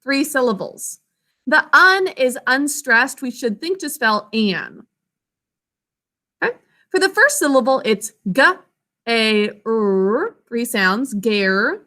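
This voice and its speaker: A woman teacher leading an online spelling lesson, sounding out words slowly and clearly, syllable by syllable, on a video call. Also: high voice, sing-song, pushed and bright.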